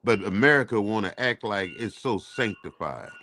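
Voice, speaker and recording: A man's voice: on the low side, expressive, normal speed, pushed and bright, a little hiss or hum. A man hosting a casual morning talk show, delivering a rambling, profane, preachy rant. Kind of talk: casual chat.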